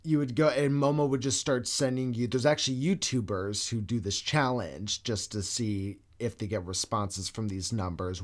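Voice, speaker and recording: Casual man telling a creepy story. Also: on the low side. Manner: animated storyteller, swears freely. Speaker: podcast co-host. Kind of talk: casual chat.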